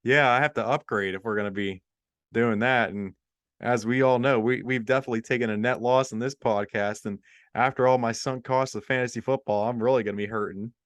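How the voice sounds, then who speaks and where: A man's voice: medium pitch, steady tone, a little fast, dry recording. A male podcast co-host chatting casually on a video call, giggling and rambling as he stumbles over his words. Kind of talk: casual comedic chat.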